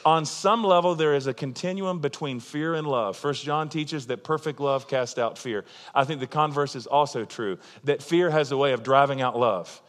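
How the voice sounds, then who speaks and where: A man's voice: medium pitch, normal speed, hardly any pauses, in a large hall. A man preaching a sermon in an earnest, emphatic, conversational way, with frequent asides to the congregation. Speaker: pastor.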